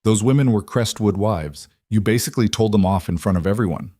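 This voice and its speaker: A man's voice: lowish voice, a little fast, dark tone, no room sound, studio quality, close to an everyday voice. Sardonic best friend in a storybook, flippant, as a male narrator puts her on. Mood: urgent. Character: blunt, sardonic young woman friend.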